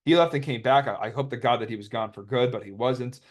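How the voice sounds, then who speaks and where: A man's voice: medium pitch, fast talker. A young man casually commentating over his card game replays, rambling and joking as he retells a dispute. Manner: rambling, joking, quotes others in put-on voices.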